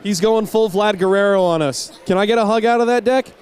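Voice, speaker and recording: A man's voice: sits high, brisk, a little mellow, smooth, some chatter behind. A man interviewing players on the ice after a championship game, gushing and emotional, stumbling into restarts. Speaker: on-ice interviewer for a hockey broadcast.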